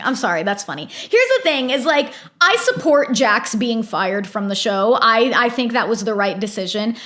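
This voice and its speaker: A woman's voice: a little high, fairly bright tone. A young adult woman giving a chatty, opinionated recap of a reality show episode, with exasperated asides. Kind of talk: casual recap commentary.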